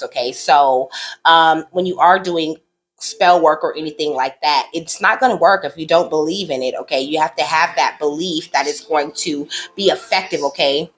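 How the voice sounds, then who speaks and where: A woman with a fairly low voice reads oracle cards aloud to her viewers in a relaxed, chatty way. She keeps reassuring them and ends nearly every sentence with a questioning "okay?". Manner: affectionate, reassuring, speaks directly to the viewer. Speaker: spiritual card reader. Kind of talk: casual oracle card reading to camera.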